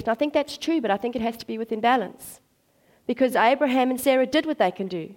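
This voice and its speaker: Female preacher, lively storyteller, slightly high pitch. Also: fast. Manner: animated storytelling, acts out voices. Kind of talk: sermon.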